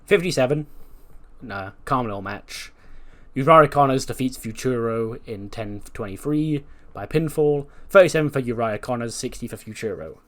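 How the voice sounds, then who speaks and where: A man's voice: mid-range voice, animated, normal speed. A man hosting a casual let's-play commentary in a laid-back way, swearing now and then. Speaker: gaming video host.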